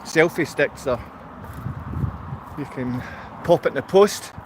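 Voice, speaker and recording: A Scottish man with a Glaswegian accent, rambling to his viewers on a walk-and-talk vlog, chatty and quick to laugh. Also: a little high. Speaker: vlogger. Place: outdoors on a town street with traffic. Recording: street traffic noise behind.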